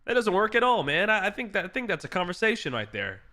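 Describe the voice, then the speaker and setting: A man streaming a live watch-along, chatting casually, excitable and swearing freely, repeating himself when annoyed. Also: high voice, quick pace. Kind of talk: casual live reaction chat.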